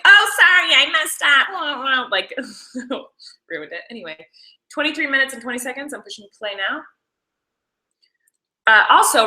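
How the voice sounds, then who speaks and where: A woman's voice: medium pitch, sharp tone, rough recording. A young woman casually chatting about filming her show, rambling with lots of "like"s. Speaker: actress commenting on her show. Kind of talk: casual behind-the-scenes commentary.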